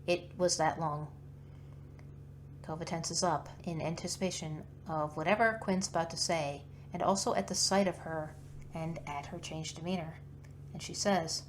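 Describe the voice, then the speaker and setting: A woman casually narrating her characters' actions in a tabletop game, with relaxed asides. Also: on the low side, moderate pace, slight background noise.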